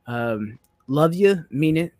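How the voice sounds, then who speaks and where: Podcast co-host, male, unhurried and giggly, dry close mic. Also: a little high, lively intonation, darkish tone, dry recording. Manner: giggly, loose and rambling. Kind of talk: casual chat.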